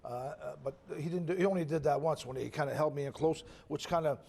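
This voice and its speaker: A man's voice: a little high, fast, vocal fry, a little mellow. An older man, a retired boxer, telling old fight stories in a casual interview, rambling and correcting himself as he goes. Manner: rambling, self-correcting, chuckles at own stories.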